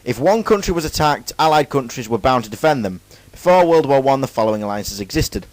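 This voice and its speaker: A young man talks through a school presentation in a relaxed, joking way and keeps cracking self-mocking asides between the facts. The recording is dry and close, with almost no room sound. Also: mid-range voice, a little fast, few pauses, no echo, rough recording. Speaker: student presenter. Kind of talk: casual jokey school presentation.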